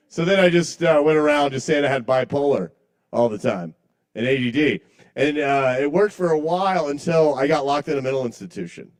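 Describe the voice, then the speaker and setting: A man doing stand-up comedy at a small bar's open mic night. He rambles, apologizes to the crowd and chuckles at his own jokes. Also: a little high.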